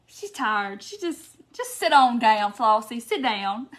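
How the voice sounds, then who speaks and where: A woman's voice: a little high, big pitch swings, slow pace, a bit bright. A woman hosting a live craft tutorial, chatty and laughing often as she reads viewer comments by name. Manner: giggly, keeps breaking into laughter. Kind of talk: casual live-stream chat.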